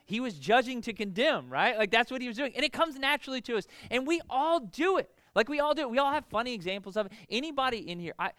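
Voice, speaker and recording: A man in his thirties preaching a conversational sermon to a congregation, animated and asking "right?" often. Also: sits high, no room sound. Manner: casual, animated, frequent rhetorical "right?". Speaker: pastor. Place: church in front of a congregation.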